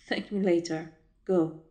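In a whispered role-play, a woman plays a calm female colleague who teases and reassures. She talks slowly, in a mellow, relaxed tone. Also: lowish voice. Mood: reassuring. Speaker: voice actor.

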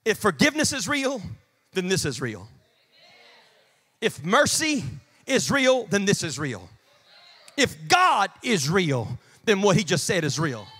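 A pastor preaching in church, his voice high and bright. He swings from hushed murmurs up to ringing shouts, pitch leaping all over. The delivery is animated and full of drive. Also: unhurried, long pauses, slightly rough, soft background music. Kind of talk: sermon.

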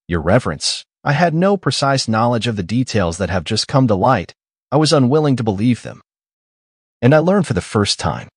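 An indignant gentleman protests his innocence in a heated, formal manner. The voice is husky and lively in pitch. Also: dry recording, studio quality. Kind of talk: audiobook character reading.

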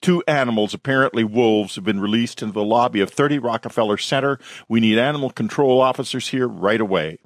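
A man voicing a doorman reporting an emergency in a rapid, matter-of-fact way. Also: medium pitch, dry recording, clean studio sound, lightly acted. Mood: urgent. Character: brisk male doorman calling an emergency.

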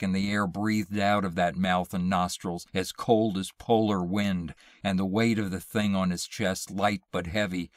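A man slowly reading a horror short story aloud in a measured, hushed way. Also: on the low side, no room sound. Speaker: narrator. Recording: dry close mic, audio only.

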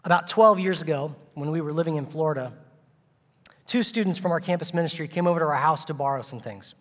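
A man's voice: a little high, quick pace, a bit bright, big-room sound. A man preaching a sermon as a guest speaker, telling a funny story with playful asides and comic timing.

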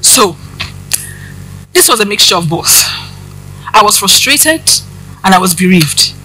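A woman's voice: mid-range voice, very animated, a little slow, sharp tone, faint music behind, poor audio. A woman preaching, giving a personal testimony and addressing the congregation directly with questions.

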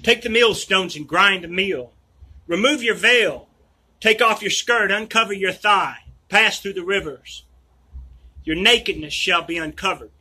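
A man reading scripture aloud in a measured, declamatory way. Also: high voice, pushed and bright, slightly rough, low-quality recording. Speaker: scripture reader.

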